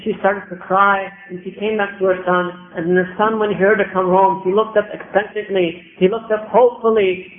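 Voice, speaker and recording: A man telling a religious story as a sermon in an earnest, emphatic way, with much repetition. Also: sits high. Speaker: preacher. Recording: echoey tinny phone-like recording.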